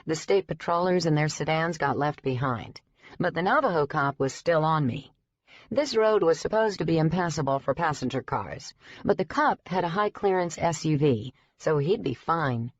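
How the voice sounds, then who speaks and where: A woman reading a first-person audiobook in a steady, even storytelling delivery. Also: deep voice, moderate pace, no echo. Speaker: audiobook narrator. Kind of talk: scripted first-person narration. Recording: dry, slightly dull recording.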